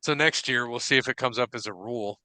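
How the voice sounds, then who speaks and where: Bright, clear-voiced man telling stories. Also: mid-range voice, quick pace, dry recording. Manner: profane, animated storytelling with quoted dialogue. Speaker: podcast co-host. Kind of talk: casual chat.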